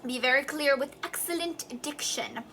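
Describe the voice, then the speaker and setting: A young woman giving a recorded voice lesson, talking students through warm-ups with clear, encouraging instructions. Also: sits high, moderate pace, a little hiss or hum. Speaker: voice teacher.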